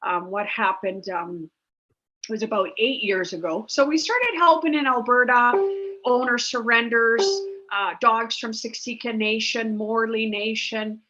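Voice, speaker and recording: A woman's voice: on the high side, a little slow, pushed and bright, faint music behind. A woman, telling a rambling story about rescuing dogs in a chatty, casual way with many fillers. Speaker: dog rescue founder, guest. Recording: dull lo-fi sound.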